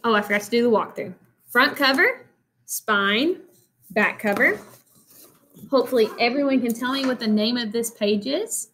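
A woman teacher with a fairly high voice reads a picture book aloud to young children. Her reading is animated and expressive. She breaks off now and then to explain things in a friendly classroom manner. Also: normal speed, pauses often, slight background noise, poor audio.

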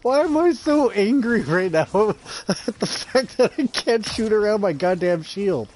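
A man's voice: high-pitched, animated, measured pace, a little mellow, slight background noise. A man live-streaming a video game, swearing freely, laughing often and breaking into exasperated rants. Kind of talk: casual gameplay commentary.

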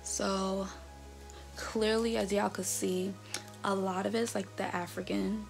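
Young woman, casual vlog chat, animated reactions, slight vocal fry, music underneath. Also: mid-range voice, slow pace. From North America. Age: 20s. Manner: chatty, animated, reading results aloud with reactions. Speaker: vlogger.

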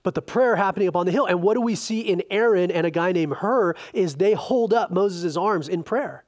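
A man preaching a sermon as a pastor, teaching through a Bible passage in a loose, conversational way with lively asides to his congregation. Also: sits high, brisk. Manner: chatty and informal, retelling scripture with animated asides.

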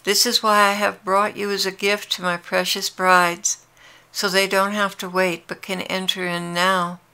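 A woman's voice: medium pitch, little pitch movement, a little slow, smooth. A woman voicing Jesus as a tender, longing man who speaks earnestly to his brides in a devotional dialogue. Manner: earnest, intimate, gently pleading.

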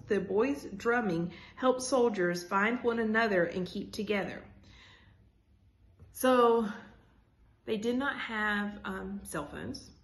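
A woman teacher reading a children's chapter book aloud, stopping to explain in a casual way with many fillers. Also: mid-range voice. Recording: echoey room.

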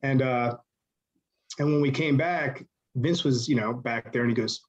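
A man's voice: mid-range voice, unhurried, highs cut off. A man telling stories as an interview guest in a casual, rambling way, with lots of fillers.

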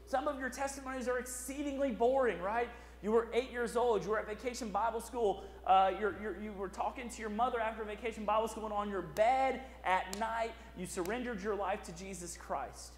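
A man's voice: high voice, a little fast, hardly any pauses. A man preaching a sermon as pastor, in a conversational style full of "right?" asides. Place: church sanctuary. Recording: echoey church hall.

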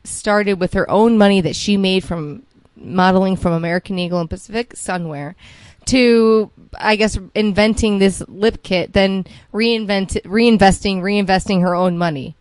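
A woman's voice: mid-range voice, normal speed, hardly any pauses, darkish tone, smooth, no room sound. A woman co-hosting a podcast, chatting casually about celebrity gossip in a gushing, rambling way. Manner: chatty, gushing, trailing off into asides. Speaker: podcast co-host.

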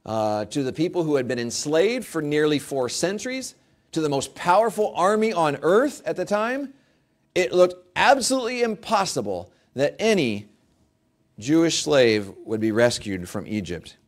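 A male pastor preaching a sermon, emphatic and rising to forceful peaks, acting out quoted prayers with mock pleading. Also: on the high side, sing-song, moderate pace.

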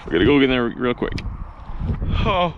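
A man's voice: mid-range voice, sing-song, moderate pace, dull audio, slight background noise. A man vlogging from a boat on the water while fishing, giggling and exclaiming often. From Saskatchewan, Canada. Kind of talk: excited outdoor vlog commentary.

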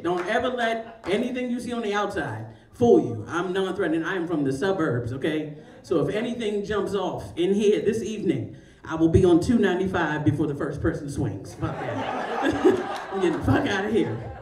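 A woman in her forties from Baltimore, Maryland, doing a stand-up comedy set in front of a live audience, brash and profane and laughing often. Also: medium pitch. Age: 40s. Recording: echoey room, mic at a distance, noisy.

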